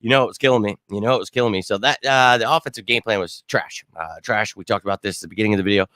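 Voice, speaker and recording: Fired-up, hoarse man ranting after a game. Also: lowish voice, very fast, fairly bright tone, no echo, clean studio sound. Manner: fired-up, blunt, swears, repeats himself. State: choked up and hoarse from screaming. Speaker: host of a sports fan show. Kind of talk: casual postgame fan rant.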